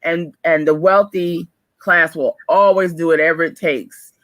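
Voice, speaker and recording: A woman's voice: on the low side, unhurried, no echo. A woman co-hosting a morning radio show, chatting casually with strong opinions and frequent laughs. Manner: lively, opinionated, laughs often.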